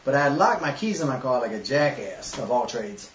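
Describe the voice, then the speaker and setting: A man's voice: mid-range voice, a little fast. A man with a Southern US accent telling a long, profane story in casual chat and laughing as he goes. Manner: profane, animated storyteller who laughs as he tells it. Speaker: webshow host. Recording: echoey, lo-fi room mic from a distance.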